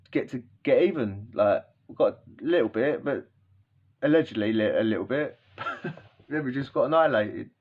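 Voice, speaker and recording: A man telling a rowdy story in casual chat, rambling with frequent tag questions and laughs. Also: mid-range voice. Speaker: podcast host telling a story. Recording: dull lo-fi sound.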